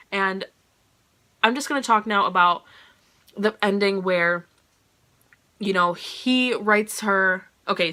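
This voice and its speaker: A woman talking through a book review in a casual, gushing way. Her voice is bright and forward, and she scatters her talk with "like" and "you know". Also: medium pitch.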